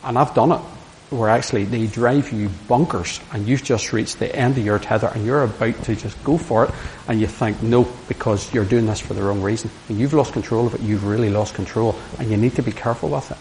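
A man's voice: on the low side, fairly quick, a little mellow. A middle-aged man giving an earnest, anecdotal sermon. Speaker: preacher. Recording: hissy hall with long reverb.

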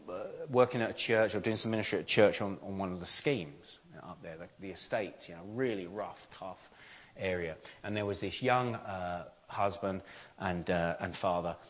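A man's voice: low-pitched, fairly bright tone. Earnest man preaching a sermon. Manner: earnest, conversational preaching with repeated restarts and rhetorical questions. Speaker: pastor.

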